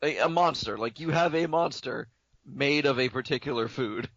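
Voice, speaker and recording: A man's voice: medium pitch, normal speed, vocal fry, a bit bright, no room sound. A young man co-hosting a podcast in casual, joking chat, who likes to slip into silly voices. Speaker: podcast co-host. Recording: dull lo-fi podcast audio.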